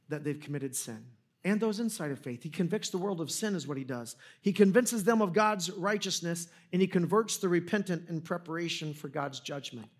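A man preaching a sermon in a conversational, storytelling way, joking at his own expense with frequent restarts. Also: fairly high pitch. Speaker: pastor.

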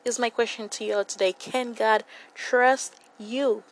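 A woman's voice: a little high, steady tone, a little slow, low-quality recording. A young woman giving a devotional Bible reflection in an earnest way, often repeating phrases for emphasis.

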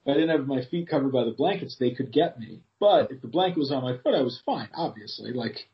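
A man's voice: medium pitch, animated, quick pace. Sarcastic man in casual banter. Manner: sarcastic, teasing, frequent laughter. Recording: slightly dull lo-fi audio.

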